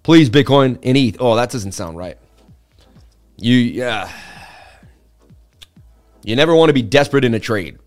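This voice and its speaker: A man hosting a live market-analysis stream, talking in a chatty, excitable way and turning to his viewers to answer chat between chart readings. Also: mid-range voice, measured pace, pauses often, soft background music. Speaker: livestream host.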